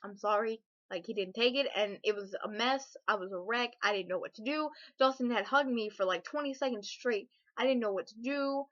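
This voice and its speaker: Gushing teen girl with a bright voice. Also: fairly high pitch, fairly quick, few pauses. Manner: gushing, breathless, lots of fillers and shrieks. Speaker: vlogger. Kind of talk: excited personal storytelling. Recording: dull lo-fi webcam audio.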